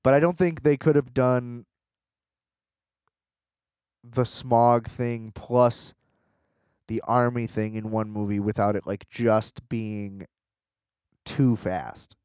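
A man's voice: medium pitch, a little mellow, dry recording, clean studio sound. A man hosting a podcast alone, chatting casually about movies in a rambling, profane and self-mocking way. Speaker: podcast host. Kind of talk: casual solo commentary.

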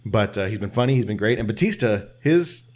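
A man co-hosting a casual chat, talking quickly and swearing, with loud animated bursts. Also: lowish voice. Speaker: podcast co-host. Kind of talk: casual chat about wrestling.

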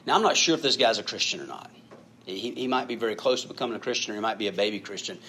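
A man's voice: on the low side, lively intonation, racing, bright, forceful tone, slight background noise. A male pastor preaching a sermon in a conversational, emphatic way, often repeating words.

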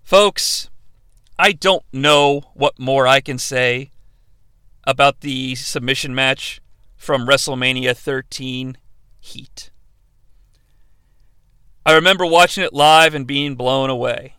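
A man's voice: mid-range voice, steady tone, unhurried, pushed and bright, clean tone, dry recording. A man in his thirties hosting a comedic wrestling review podcast, playful and sarcastic. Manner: playful, sarcastic, jumps into impressions. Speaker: podcast host.

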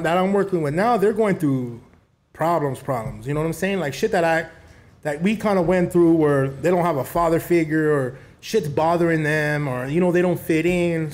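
A man, a podcast guest who chats casually, full of profanity and street slang, animated. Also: fairly high pitch. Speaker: podcast guest, behavioral interventionist.

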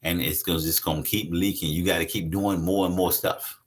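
A man preaching a sermon in a conversational way, reading scripture aloud and explaining it to his congregation. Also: a little fast. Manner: conversational preaching with lively swings in pitch. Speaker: pastor.

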